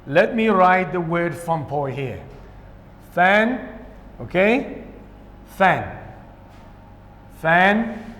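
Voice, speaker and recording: Slow, high-voiced Somali-accented teacher in an echoey room. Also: male voice, very animated, a bit bright. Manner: asks questions and answers them himself, repeats words. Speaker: English teacher. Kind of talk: classroom grammar lesson. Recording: echoey room with long reverb.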